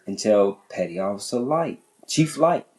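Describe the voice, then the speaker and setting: Animated profane man telling a story. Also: moderate pace, rough recording. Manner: animated, profane, pitch jumping high when worked up; repeats and restarts phrases. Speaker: podcast host. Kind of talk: casual storytelling chat.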